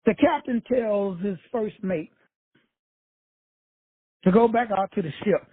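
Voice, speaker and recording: Very husky high-voiced man, tinny phone sound. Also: slow, no echo. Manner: blunt, profane, streetwise preaching. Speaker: motivational speaker, show host. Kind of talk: casual motivational monologue. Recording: dry, tinny phone-like recording.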